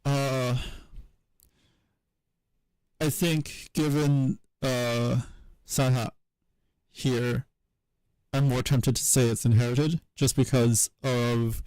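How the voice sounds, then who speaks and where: A man on a live stream explaining historical sound changes off the cuff, halting often and correcting himself as he thinks aloud. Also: medium pitch, fairly even intonation, a little mellow, clear, resonant tone, no room sound, rough recording. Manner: halting and hesitant, many fillers and self-corrections.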